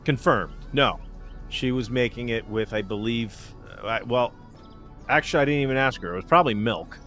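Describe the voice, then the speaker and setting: A man hosts a laid-back cooking livestream in an easy, middle-pitched voice. He rambles and jokes at his own expense, dropping the odd swear word. Soft music plays faintly behind him. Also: moderate pace. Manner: rambling, joking and self-deprecating, with casual swearing. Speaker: livestream host. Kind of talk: casual cooking-show chat.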